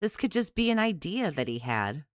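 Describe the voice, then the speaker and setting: A woman co-hosting a stream, casually chatting and gently pushing back on the host. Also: lowish voice, normal speed, no room sound. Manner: calm, gently contrarian, reads out chat messages. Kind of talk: casual reaction chat.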